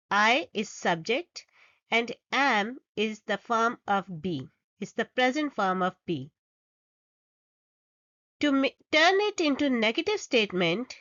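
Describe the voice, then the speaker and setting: A woman's voice: fairly high pitch, sharp tone, dry recording, highs cut off. A woman teaching English grammar, reading example sentences aloud and explaining each step patiently. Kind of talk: slow, deliberate grammar lesson.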